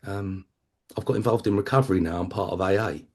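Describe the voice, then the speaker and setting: A man voicing his quiet adult sister, who answers in soft, subdued replies. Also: low voice, fast, slightly rough. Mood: quiet, calm.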